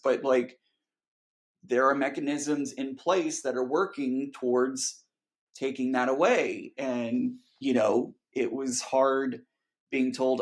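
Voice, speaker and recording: A man, a guest on an interview podcast, talking earnestly and emotionally, often pausing and restarting. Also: medium pitch, steady tone. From Texas. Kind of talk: candid conversational interview.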